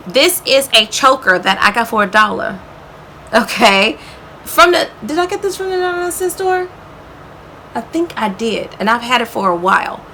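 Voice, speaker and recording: A woman hosting a chatty beauty favorites video, her voice bright and forward. She gushes to viewers, calling them y'all and girl, and ends many sentences with "okay?". A faint hum of room ambience runs underneath. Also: medium pitch. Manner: frequent "okay?" tags. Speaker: beauty vlogger.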